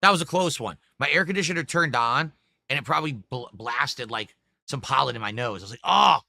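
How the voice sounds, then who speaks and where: A man's voice: mid-range voice, brisk, creaky, sharp tone, dry recording, studio quality. A middle-aged man hosting a livestream, chatting casually and reading out his viewers' messages and tips. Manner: rambling, talks to chat and reads out tips. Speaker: livestream host.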